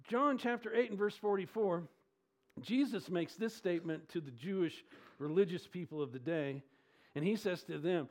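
A pastor preaches emphatically at normal speed, posing questions to the congregation and swinging between loud stresses and quiet lows.

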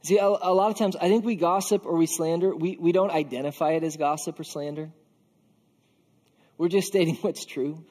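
A man's voice: fairly high pitch, fairly even intonation, moderate pace, a little mellow, big-room sound. A man preaching a conversational sermon, casual and earnest, often filling with "like". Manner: casual and earnest, with frequent filler "like". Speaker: pastor.

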